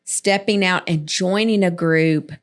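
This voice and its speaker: A woman's voice: lowish voice, unhurried. A woman co-hosting a casual church podcast, upbeat and chatty. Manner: upbeat, chatty, laughs often. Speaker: co-host.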